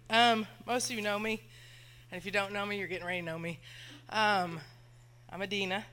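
A woman speaks to a church congregation. Her voice is bright and sharp. She talks in a nervous, chatty way and laughs often. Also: mid-range voice, steady tone, a little fast, slight background noise. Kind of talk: nervous personal testimony in church. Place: church sanctuary.

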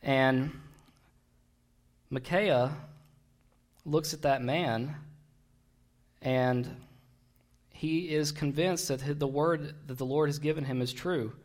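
A man's voice: fairly high pitch, fairly even intonation, slow, pauses often. A man preaching a sermon, retelling a Bible story in a conversational, digressive way with wry asides.

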